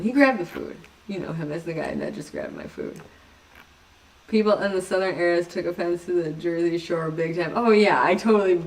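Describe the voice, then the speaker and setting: A woman's voice: mid-range voice, gravelly, recorded from a distance. Giggly rambling woman, set back from mic. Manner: giggly, rambling, self-mocking. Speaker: livestream host. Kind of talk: casual livestream chat.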